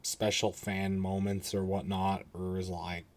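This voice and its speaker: Lower-voiced man hosting a podcast. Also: flat delivery, unhurried. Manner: laughing, teasing interviewer. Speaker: podcast host. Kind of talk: casual podcast chat.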